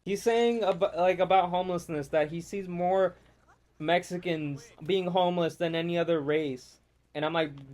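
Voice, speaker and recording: A man's voice: fairly high pitch, measured pace, a little mellow. An American man chatting casually while playing a game, rambling and swearing as he rants. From United States. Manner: rambling, profane, ranting. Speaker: gamer. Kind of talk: casual gameplay chat.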